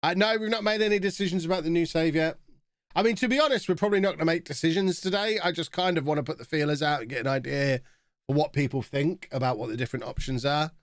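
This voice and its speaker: A man's voice: fairly high pitch, fast talker, no echo, clean studio sound. A man in his thirties, chatting casually with viewers while reacting to a live game stream.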